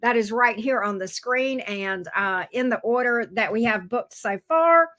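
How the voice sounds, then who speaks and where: A woman's voice: a little high, unhurried, a bit bright. A woman hosting a live-stream tarot reading, chatty and folksy, talking straight to her viewers. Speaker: tarot reader, stream host.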